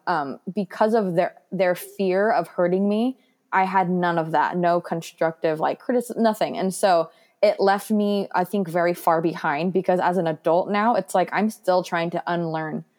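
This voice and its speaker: This is a young woman speaking in a voice set a little lower than most. She is candid and reflective as she talks, earnest and loose, with plenty of "like" fillers along the way. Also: normal speed, darkish tone. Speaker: guest sharing her foster care story. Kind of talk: candid personal interview.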